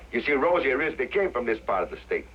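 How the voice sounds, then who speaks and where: In 1960s TV drama acting, an actor with a medium-pitched, sing-song, quick voice and a breathy edge plays a jovial old retired vaudevillian who had a dog act and now farms. He cracks folksy wisecracks and laughs at his own gags, heard on a dull lo-fi soundtrack with faint hiss.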